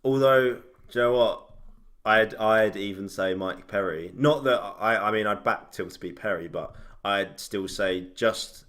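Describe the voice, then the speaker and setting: Blunt man, bright voice. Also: lowish voice, a little slow. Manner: blunt, swears freely, animated opinions. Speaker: podcast co-host. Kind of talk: casual chat.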